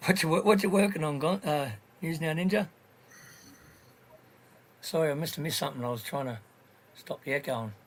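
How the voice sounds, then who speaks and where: A man's voice: on the high side, normal speed, long pauses, slight background noise. An Australian man in casual voice chat, talking bluntly with slang and heavy swearing. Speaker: livestream voice chat participant.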